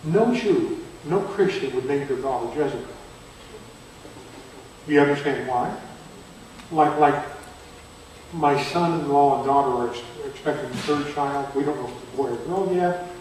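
An older man teaching a Bible seminar at a church, chatty, quizzing his listeners and turning loud and emphatic. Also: medium pitch, moderate pace, pauses often. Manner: conversational, asks the audience questions, grows loud and emphatic. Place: church hall. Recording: very echoey hall from far off, faint noise.

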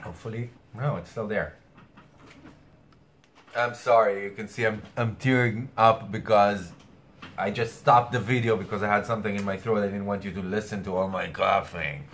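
Earnest low-voiced man giving a spiritual talk. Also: steady tone, a little fast, fairly bright tone, a little hiss or hum. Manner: earnest, hesitant, with many restarts and fillers. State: something caught in his throat. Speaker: astrologer. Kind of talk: weekly spiritual message to camera.

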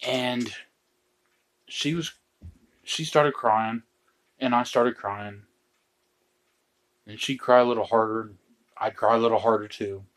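A middle-aged man telling true stories from home in a casual chat, with dry, deadpan joking asides. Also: medium pitch, slow pace, pauses often.

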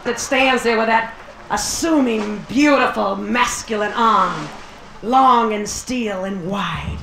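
A woman comedian with a gravelly medium-pitched voice takes her time on a nightclub stage, delivering a bawdy, brassy live routine that's punchy and drawn out for the crowd. The echoey live club recording has a noisy background and audience laughter.

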